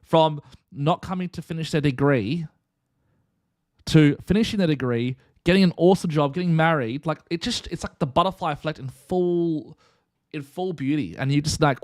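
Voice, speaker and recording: A man's voice: on the high side, normal speed, no echo, studio quality. Chatty young man telling a story. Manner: animated, chatty storyteller acting out dialogue. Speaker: streamer and host. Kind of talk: casual storytelling on a live stream.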